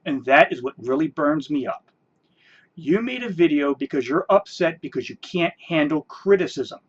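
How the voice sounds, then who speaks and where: A man's voice: a little high, lively intonation, moderate pace, breathy edge, lo-fi sound. A man ranting in a response video, sarcastic and scornful, mocking the person he answers. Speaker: video commentator.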